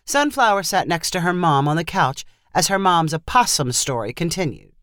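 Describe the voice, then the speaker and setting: A woman narrating a storybook in an expressive, animated reading style. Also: fairly low pitch, normal speed, no room sound, clean studio sound.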